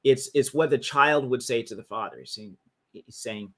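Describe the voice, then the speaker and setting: Hosting a livestream, this man talks through slides about history in a casual, teacherly way, frequently restarting phrases. His voice is mid-range and fairly bright, at a moderate pace, captured on a livestream mic.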